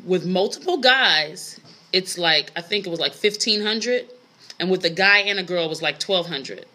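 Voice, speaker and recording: A woman's voice: lowish voice, normal speed, sharp tone. A woman hosting a casual solo podcast, ranting bluntly and profanely with frequent laughter and disbelief. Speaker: podcast host.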